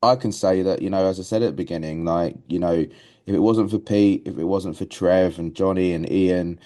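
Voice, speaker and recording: A man's voice: low-pitched, fairly even intonation, a little fast, dark tone. A man co-hosting a podcast in casual chat, rambling with many restarts. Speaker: podcast co-host.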